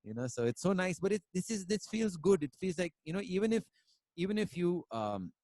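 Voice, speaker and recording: A man's voice: sits high, very animated, fairly quick, a little mellow, dry recording. A man from India, a musician talking casually on a video call, rambling with many fillers and dropping in Hindi words. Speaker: musician guest. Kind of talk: casual conversation and storytelling.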